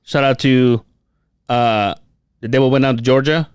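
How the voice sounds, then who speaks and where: A man's voice: mid-range voice, steady tone, normal speed, clear, resonant tone, no room sound. A man co-hosting a podcast in casual chat, telling a story with lots of swearing and laughter. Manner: storytelling, profane, laughs often. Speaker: podcast co-host.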